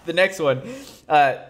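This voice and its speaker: A young man co-hosting a fight podcast, talking in a loose, sleepy, laid-back way and swearing freely. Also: fairly high pitch. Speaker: podcast co-host. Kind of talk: casual chat.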